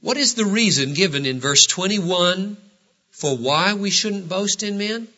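A man preaching a sermon in a church, asking rhetorical questions with animated delivery. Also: high voice, a little slow. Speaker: pastor. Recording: dull lo-fi sermon recording.

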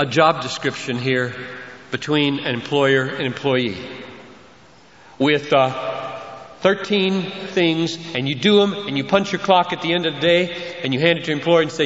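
A man preaching a sermon as a pastor, building to impassioned emphasis. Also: fairly bright tone. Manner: impassioned, rising in pitch and force for emphasis. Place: church sanctuary. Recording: dull, roomy reverberant church recording.

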